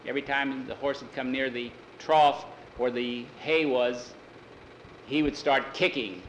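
An older man telling a children's ranch story in a homespun, unhurried way, with some fillers. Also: mid-range voice, fairly even intonation, a bit bright, roomy sound, slight background noise, poor audio.

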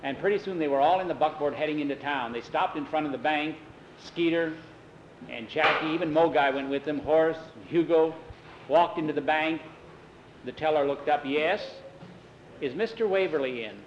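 A man tells a story in a plain, folksy manner, slipping into the characters' voices along the way. His voice sits a little high. The recording sounds dull and roomy, with a faint ambient hum behind him. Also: moderate pace.

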